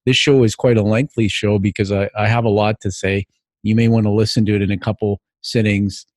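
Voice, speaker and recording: A man's voice: lowish voice, darkish tone, no room sound, clean studio sound. A man in his fifties with a Canadian accent, hosting a podcast and telling his own story in an earnest, reflective way. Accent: Canadian English. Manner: earnest, reflective, with light laughs. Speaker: podcast host. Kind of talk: personal narrative monologue.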